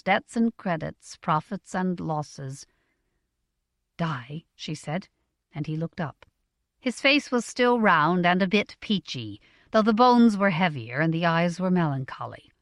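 A woman narrating a novel in a measured, expressive reading. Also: lowish voice, dry recording, clean studio sound. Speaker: audiobook narrator.

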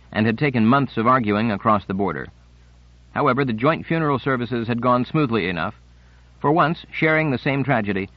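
A man giving scripted audiobook narration in a measured, unhurried reading. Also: mid-range voice, no room sound. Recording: dry, slightly muffled studio recording.

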